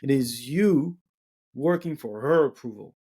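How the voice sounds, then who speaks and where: A man's voice: mid-range voice, lively intonation, measured pace, dark tone, breathy edge. A man with a French accent hosting a podcast, talking bluntly and casually with plenty of swearing. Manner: blunt, swearing, acts out quotes in shifting voices. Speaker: podcast host.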